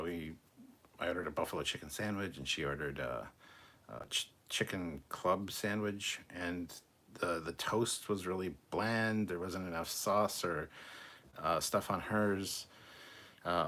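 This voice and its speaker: A man hosting a live stream, reading viewer super chats aloud and chatting about his day in a relaxed, rambling way. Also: deep voice. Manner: relaxed, rambling, with fillers and restarts. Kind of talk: casual live-stream chat.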